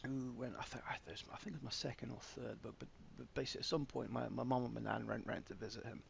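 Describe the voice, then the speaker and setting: Gravelly man chatting frankly. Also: mid-range voice, flat delivery, quick pace, dull audio, a little hiss or hum. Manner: frank, sweary, self-deprecating, stammering restarts. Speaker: author. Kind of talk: casual podcast conversation.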